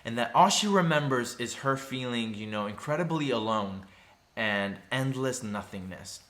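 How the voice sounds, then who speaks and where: A man with a bright, forward voice talks through a TV episode in a loose, chatty recap. He leans on "you know" asides as he goes and now and then slips into lively put-on voices for the characters. His pitch sits in the middle for a man. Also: moderate pace, slight background noise. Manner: acts out character lines in animated voices. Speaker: TV recap vlogger.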